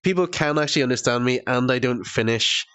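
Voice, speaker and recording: A man from Northern Ireland, his accent softened by years in Canada, chatting as a podcast guest and laughing often. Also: mid-range voice, fast, clean tone, no room sound. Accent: Northern Irish softened by Canadian. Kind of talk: casual chat.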